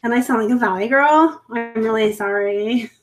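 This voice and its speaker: A woman from the West Coast chats through a casual live stream with a slightly high voice. She rambles from one thought to the next, and her phrases often lift upward at the end. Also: moderate pace. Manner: chatty and rambling, upspeak at times. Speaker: live show host and reseller.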